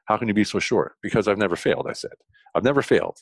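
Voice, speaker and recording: A middle-aged American man speaks quickly in a fairly low voice, with the dry, close sound of a mic in a quiet space. He tells his stories with eager energy, stumbling over restarts and leaping up in pitch when he wants to stress something. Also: no echo. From United States. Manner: fast, enthusiastic, frequent restarts, jumps high in pitch for emphasis. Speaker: podcast guest, consultant. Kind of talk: animated storytelling interview.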